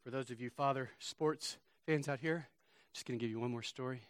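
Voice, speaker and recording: A man preaching a sermon as a pastor, moving between loud, shouted passages and quiet storytelling. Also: mid-range voice, a little fast, no echo.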